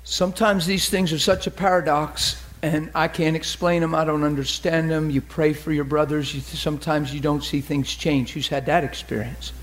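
A man preaching as a pastor, animated and acting out quoted voices in a lively sermon. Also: fairly high pitch, moderate pace, few pauses.

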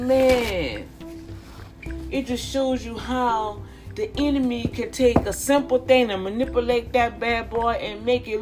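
A middle-aged woman preaching informally and with fervor, repeating herself and calling out to her listeners. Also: on the high side. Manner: fervent, repetitive, with calls to the listeners.

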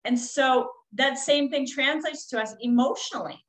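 A woman's voice: sits high, moderate pace, poor audio. A woman, a coach, telling a personal story in a candid, rambling way with frequent fillers.

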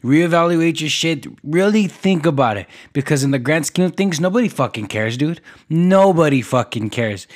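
A young man hosting a solo podcast, ranting in a rambling, profane way with many restarts and fillers. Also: mid-range voice. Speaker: podcast host.

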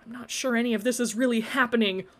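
A woman voicing a dreamy young man in a storybook reading, earnest and rambling in a halting way. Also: a little high, steady tone, fairly bright tone. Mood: dazed. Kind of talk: storybook character voice.

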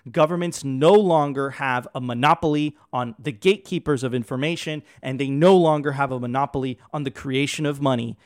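A man's voice: mid-range voice, dry recording. Emphatic male host, dry close sound. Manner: emphatic, rallying. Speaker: podcast host. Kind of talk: impassioned commentary.

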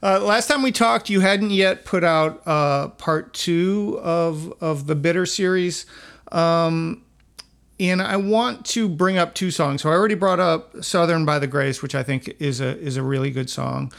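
A man's voice: a little high, measured pace, gravelly, a bit bright. A male interviewer in a casual chat, asking long, chatty questions and inviting listener feedback. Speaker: interviewer host.

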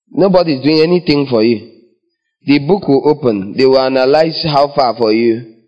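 A man's voice: medium pitch, normal speed. A man preaching a sermon, acting out scenes with different voices. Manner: dramatic, acts out scenes with voices. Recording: dull lo-fi sound.

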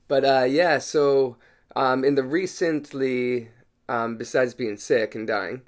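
Husky-voiced sick young man podcasting. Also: medium pitch, takes it slowly. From Canada. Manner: rambling, joking, swears casually. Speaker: podcast host. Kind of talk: casual solo podcast chat.

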